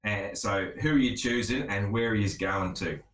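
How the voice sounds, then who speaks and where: An Australian man hosting a casual podcast chat, relaxed, swearing freely and laughing often. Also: on the low side, normal speed, echoey room. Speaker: podcast host.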